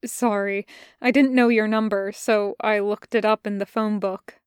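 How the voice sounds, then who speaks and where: A woman's voice: mid-range voice, fairly even intonation, darkish tone, clean tone, dry recording, clean studio sound, close to an everyday voice. A woman voicing a stammering shy teen boy. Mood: nervous. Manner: stammering, nervous, rushed.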